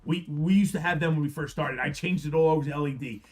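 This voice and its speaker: A man's voice: a little high, quick pace, darkish tone. A middle-aged man with a Philadelphia accent, telling a rambling story on a livestream, swearing freely and often restarting his sentences. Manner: rambling, profane, frequent restarts. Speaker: card break host. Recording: faint music behind.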